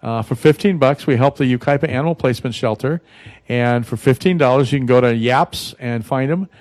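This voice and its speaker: A man's voice: medium pitch, brisk, a little mellow, no room sound. Guy hosting a radio talk show, rambly and folksy, lots of uh's, dry studio mic. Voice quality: rambling, folksy, many fillers and restarts.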